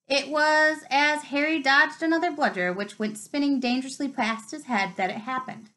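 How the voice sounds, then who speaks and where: Woman reading a novel aloud, expressive. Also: high-pitched, moderate pace, hardly any pauses, rough recording. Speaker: reader.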